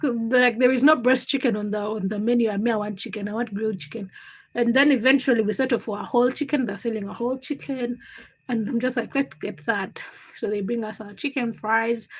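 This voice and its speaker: Young woman, high voice, livestream host, casual storytelling, hushed asides, excited squeals. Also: slightly rough. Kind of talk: casual chat with live viewers.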